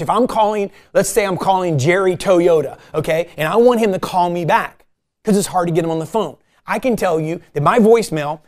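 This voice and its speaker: Animated man coaching a sales team. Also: high voice. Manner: animated, coaching, acts out phone calls. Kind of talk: casual sales meeting talk.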